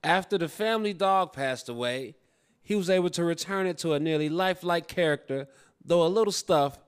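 Relaxed male guest on a quiz show with a smooth, resonant voice and easy laugh. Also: fairly high pitch. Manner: laid-back, quick to laugh. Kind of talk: joking live game show banter.

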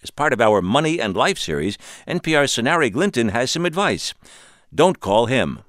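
A man introducing a radio news feature as anchor, measured and conversational. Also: medium pitch, sing-song, fairly bright tone, dry recording, clean studio sound.

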